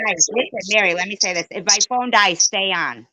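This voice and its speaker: A woman hosting a livestream, calmly reading viewer comments aloud. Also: medium pitch, brisk, noisy background. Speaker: livestream host. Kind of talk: casual livestream chat.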